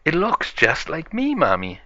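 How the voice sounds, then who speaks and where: A man voicing a cheerful, chatty little girl piglet in a home-made toy story, with an excited sing-song child voice. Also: fairly high pitch, unhurried, no echo, pitched above the performer's own voice, full character voice. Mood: delighted. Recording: dull lo-fi home recording.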